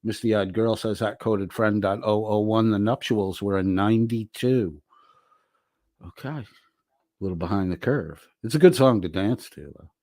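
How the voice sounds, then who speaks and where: A man's voice: fairly low pitch, moderate pace, darkish tone, no echo, studio quality. A man hosting a livestream, reading viewer comments aloud with profane, wisecracking asides. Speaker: livestream host reading chat.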